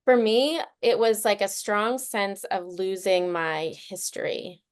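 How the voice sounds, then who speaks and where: A woman guest on a podcast, talking earnestly and telling heartfelt personal stories in relaxed conversation. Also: medium pitch, slow pace, clean tone. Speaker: guest, childhood trauma expert.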